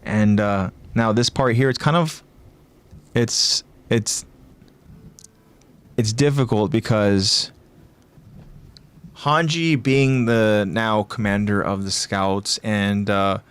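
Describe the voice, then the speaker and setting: A man co-hosting a casual podcast discussion, animated, putting on raised voices for quoted lines and thinking aloud with fillers and restarts. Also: lowish voice, slow, pauses often, smooth. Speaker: podcast co-host.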